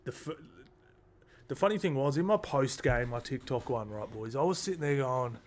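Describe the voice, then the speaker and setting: A man's voice: mid-range voice, expressive, moderate pace, slight background noise. A man, rambling casually through a rugby league round recap with lots of fillers and asides. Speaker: sports tipping vlogger.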